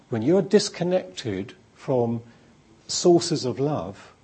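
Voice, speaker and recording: A man's voice: mid-range voice, mellow, slightly rough. A man preaching a sermon in an emphatic, repetitive, storytelling manner.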